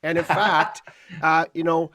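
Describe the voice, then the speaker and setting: A man's voice: on the high side, level tone, slow pace, sharp tone, no echo, clean studio sound. A man hosting a podcast, introducing his guest in a playful, teasing way. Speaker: podcast host. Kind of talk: conversational interview.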